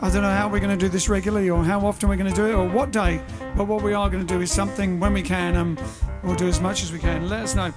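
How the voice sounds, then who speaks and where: A man's voice: high voice, little pitch movement, fast, few pauses, over music. A man hosting his band's livestream in a cheerful, rambling, self-mocking way. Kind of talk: casual livestream chat.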